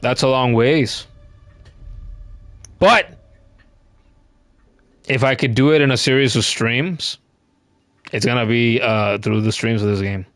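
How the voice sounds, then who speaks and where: A man's voice: mid-range voice, steady tone, takes it slowly, pauses often, a bit bright, no room sound. A man live-streaming a video game, chatting casually with viewers in a playful, wry way and repeating words as he starts his thoughts. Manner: playful, wry, talks to chat.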